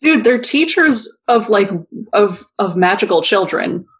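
A woman's voice: mid-range voice, animated, measured pace, rough recording. Emphatic, sweary woman co-host. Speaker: podcast co-host. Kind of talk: casual chat.

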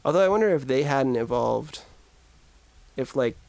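A man's voice: medium pitch, expressive, normal speed, creaky, darkish tone. A man co-hosting a podcast in casual, rambling chat. He is jokey and fills his talk with "like". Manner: rambling, filler-heavy, jokey. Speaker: podcast co-host.

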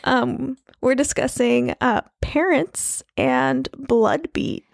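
Woman podcast co-host, sick, gravelly, slightly high, rambling and joking at herself, dry close mic. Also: sing-song, slow, no echo. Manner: self-deprecating, rambling with restarts. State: sick, rough-voiced. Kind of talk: casual podcast chat.

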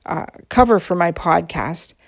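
A woman's voice: lowish voice, unhurried. A woman hosting a podcast, telling a personal story in a candid, confiding way, with frequent ums and restarts. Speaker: podcast host.

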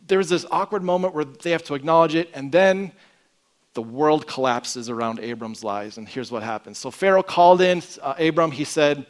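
A man preaching a sermon in an earnest way, often dropping to a quiet emphasis at the ends of phrases. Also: a little high, moderate pace. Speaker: pastor.

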